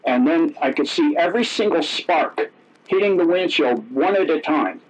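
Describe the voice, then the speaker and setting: Man, middle-aged, interview guest, rambling, self-correcting, raised pitch. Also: animated, moderate pace, a little hiss or hum. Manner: rambling, self-correcting, acts out quoted dialogue. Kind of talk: casual storytelling. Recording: dull lo-fi audio.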